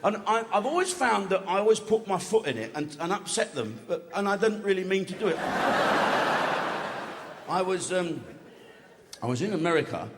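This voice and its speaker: A man's voice: high-pitched, sing-song, normal speed, long pauses, very noisy. A man doing a stand-up comedy routine, swearing freely and chatting with the audience. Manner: crude, swearing, conversational with the audience. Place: large live comedy venue. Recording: echoey hall with crowd laughter.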